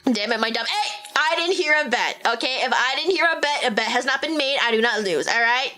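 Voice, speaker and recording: A woman's voice: high-pitched, a little fast, few pauses. A young woman with a Valley Girl accent, chatting casually as a live-streaming VTuber and peppering her talk with "like". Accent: Valley Girl Californian. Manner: chatty, heavy use of "like", animated.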